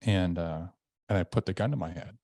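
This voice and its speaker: A man with a low, deep voice tells a personal story in an earnest, conversational way. The sound is dry and close, with no room around it. He recounts events candidly and in vivid detail, as a guest on a podcast. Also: a little fast, gravelly, mellow, dry recording. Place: indoor room.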